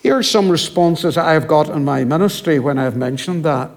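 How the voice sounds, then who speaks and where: A man preaching a sermon as a minister, reflective and slowing down to stress scripture, at times dropping to a hushed voice. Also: a little high.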